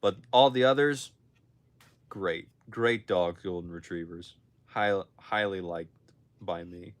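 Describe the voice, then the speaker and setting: A man's voice: sits low, slow. A young man chatting casually on a livestream from his phone, answering viewer questions with frequent restarts and self-corrections. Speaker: livestream host answering chat.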